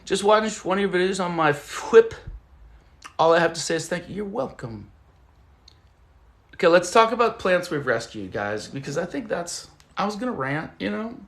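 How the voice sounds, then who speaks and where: A man's voice: high voice, lively intonation, normal speed, fairly bright tone. A young man hosting a casual live stream from home, rambling loosely and swearing as he reads the chat aloud. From Southern California. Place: at home among plants. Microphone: phone.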